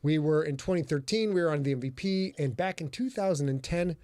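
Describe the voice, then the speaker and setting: A man hosting a podcast in casual chat, telling stories in an animated, profane way and putting on loud voices. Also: on the high side, fairly quick, no room sound. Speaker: podcast host.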